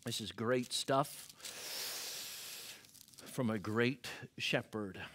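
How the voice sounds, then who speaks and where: A preaching man with a bright forceful voice. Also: mid-range voice, extremely slow, slight background noise. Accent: American. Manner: preaching with big swings from hushed to loud. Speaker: pastor. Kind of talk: sermon. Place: church sanctuary.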